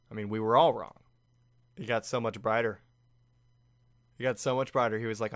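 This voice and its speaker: Excitable man reacting to an anime. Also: on the low side, moderate pace, pauses often, no echo, clean studio sound. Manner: excitable, laughing, with frequent restarts. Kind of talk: casual reaction commentary.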